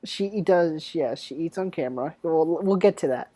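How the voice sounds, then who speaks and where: A man's voice: a little high, moderate pace, mellow, no echo. A young man hosting a casual podcast chat, joking and teasing his guests and laughing often. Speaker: podcast host.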